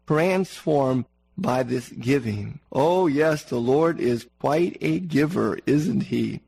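A man's voice: medium pitch, slow, creaky, a little mellow, husky, dry recording, rough recording. A man preaching a sermon in an earnest manner, repeating words for emphasis and asking the congregation questions.

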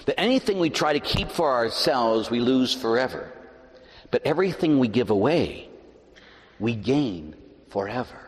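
A middle-aged man, a pastor, preaching a sermon in a large church, animated and shifting between loud emphasis and hushed asides. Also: mid-range voice, moderate pace. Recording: reverberant church.

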